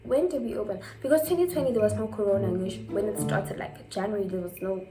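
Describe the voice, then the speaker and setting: A South African teenage girl vlogger with a mid-range voice talks fast in a casual storytime, with music in the background. Her chatty retelling is full of "like" fillers.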